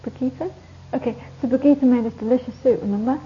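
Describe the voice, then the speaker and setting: A woman's voice: a little high, fairly quick. A woman teaching a Buddhist course, giving a rambling, anecdotal dharma talk to a retreat group and laughing often. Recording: dull lo-fi recording, faint hiss.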